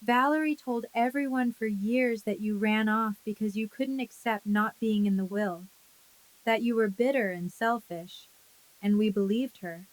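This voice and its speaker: A woman voicing a gentle middle-aged aunt who speaks softly and with regret. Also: medium pitch, a little slow, natural voice, low-quality recording. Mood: rueful. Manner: soft, rueful.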